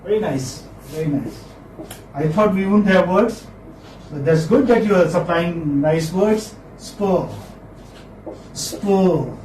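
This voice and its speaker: A man's voice: sits high, a little slow, darkish tone, slight background noise. A man teaching phonetics in a class, encouraging his students and repeating key terms. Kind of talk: classroom lecture. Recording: echoey room, far from mic.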